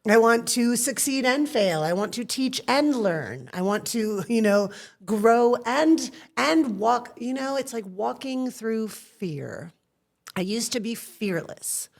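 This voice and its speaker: A woman's voice: on the high side, animated, takes it slowly, gravelly. A woman talking as an interview guest, an acting teacher who tells personal stories in an earnest, reflective way and acts out the voices she quotes.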